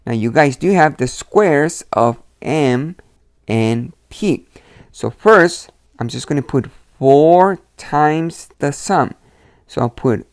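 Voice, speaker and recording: Male math teacher, slow deliberate pace, step-by-step explaining, dry close sound. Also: a little high, animated, no echo. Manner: slow step-by-step explaining, addresses students as "you guys". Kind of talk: recorded algebra lesson.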